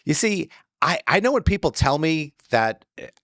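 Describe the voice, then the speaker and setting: A man's voice: a little high, very animated, moderate pace, a bit bright, no room sound, studio quality. A middle-aged man hosting a casual comedic interview, wry and joking, often trailing off mid-sentence. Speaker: interview host.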